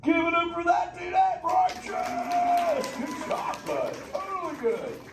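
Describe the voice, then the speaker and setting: A man's voice: very high-pitched, wildly swooping pitch, slow, loud music behind the voice, a loud crowd, full character voice. A man voicing a laid-back male surfer sea turtle in a live show, joking with kids in surfer slang. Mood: teasing. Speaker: live show character chatting with audience. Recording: echoey theater from far off, loud audience noise.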